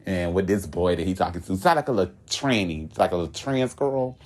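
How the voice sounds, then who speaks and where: A young man from Florida telling a long story in casual chat, animated, laughing often, with sudden high-pitched outbursts and slang-heavy speech. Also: brisk. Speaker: podcast guest telling a story.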